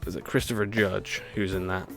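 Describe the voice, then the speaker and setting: With game music playing clearly behind him at home, a man rambles through a live racing-game stream and laughs at his own quips. His voice sits a bit low but has a fairly bright tone, and his delivery is flat and a little quick.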